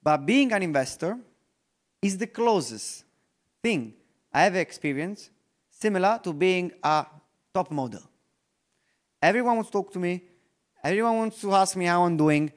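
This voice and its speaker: A man with an Italian accent speaks from a conference stage in a voice pitched a little high for a man. His English is loose and full of restarts, and at times he slows to a near-murmur to drive a point home. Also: expressive. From Italy. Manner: non-native English with restarts, drops to very slow, soft delivery for effect. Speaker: investor giving a conference talk.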